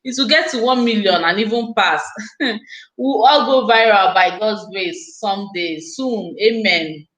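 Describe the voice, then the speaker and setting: A woman's voice: mid-range voice, unhurried, a bit bright, roomy sound, rough recording. A woman hosting a casual live stream, chatting effusively and speaking straight to her viewers.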